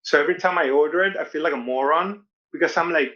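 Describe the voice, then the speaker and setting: Bright-voiced Venezuelan man doing stand-up. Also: on the high side, fast. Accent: Venezuelan Spanish. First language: Spanish. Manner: self-deprecating, repeats and restarts words. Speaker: stand-up comedian. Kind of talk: stand-up set over video call. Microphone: video call mic. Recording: dull lo-fi video call audio.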